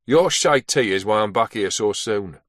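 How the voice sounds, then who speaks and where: A man's voice: lowish voice, expressive, normal speed, fairly bright tone, no room sound. A man voicing a terse, sardonic SAS soldier. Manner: dry, clipped.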